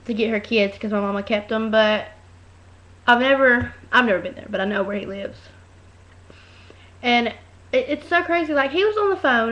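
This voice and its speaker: A woman chatting into her webcam, telling stories in a loud, animated way and acting out other people's voices. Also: a little high. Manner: chatty storytelling, acts out voices, talks loud. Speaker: vlogger. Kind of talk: casual webcam rant. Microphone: webcam mic. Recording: dull lo-fi webcam audio.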